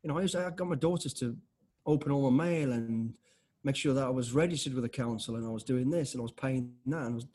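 Fast-talking husky man. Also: mid-range voice. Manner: blunt, animated, lots of restarts and acted-out dialogue. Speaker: interview guest, former special forces soldier. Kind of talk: casual conversational storytelling.

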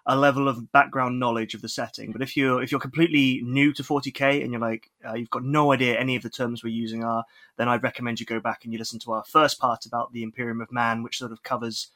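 Bright-voiced man co-hosting a podcast. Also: mid-range voice, level tone, fast. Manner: chatty, with frequent fillers and restarts. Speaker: podcast co-host. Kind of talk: casual podcast chat.

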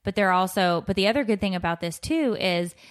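A woman co-hosts a podcast in an everyday mid-range voice. She encourages and teases her friend and is quick to reassure. Her talk is casual and warm in intent. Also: mid-range voice, lively intonation. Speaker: podcast co-host. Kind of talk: casual chat.

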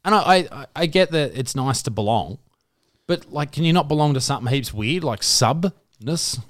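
A man in animated podcast banter, his pitch swinging up and down. He swears and acts out what other people say. The sound is dry and close. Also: normal speed, no echo. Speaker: podcast co-host. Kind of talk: casual crude podcast banter.

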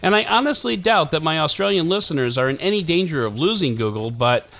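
A man's voice: on the high side, lively intonation, fast, gravelly, a bit bright. A man in his forties hosting a tech podcast, reading a scripted news roundup with puns and self-mocking asides.

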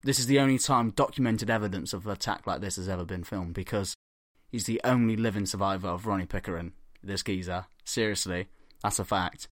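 A man's voice: fairly low pitch, fairly quick, fairly bright tone, no echo, clean studio sound. A young man hosting a podcast, animatedly telling a comic story full of swearing and acted-out quotes. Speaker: podcast host.

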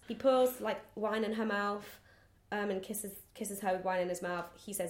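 A woman's voice: medium pitch, normal speed. A woman co-hosting a podcast, casually recapping a book and acting out its quotes as she goes. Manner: animated storytelling, acting out quotes. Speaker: podcast co-host. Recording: roomy echo.

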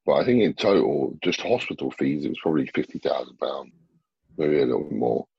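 Gravelly, blunt man. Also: rumbling low, a little fast, dry recording, highs cut off. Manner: blunt, swears freely, animated retelling. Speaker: bodybuilder guest. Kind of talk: casual interview chat.

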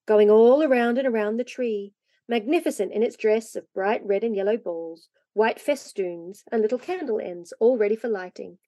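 A woman reading a storybook aloud with lively, expressive narration. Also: fairly high pitch, fairly quick, no room sound. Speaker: reader.

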